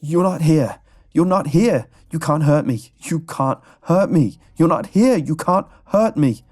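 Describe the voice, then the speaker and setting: A man voicing a young male patient, a flippant joker in the story, raised and loud. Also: medium pitch, big pitch swings, normal speed, gravelly, slightly rough, pitched above the performer's own voice, exaggerated voice. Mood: screaming. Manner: loud, repeated screaming. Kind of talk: storybook horror narration.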